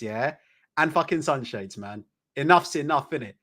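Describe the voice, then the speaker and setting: A man hosting a live boxing chat stream from home, talking casually, repeating himself, swearing freely and laughing loudly. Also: mid-range voice, lively intonation, moderate pace. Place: home room.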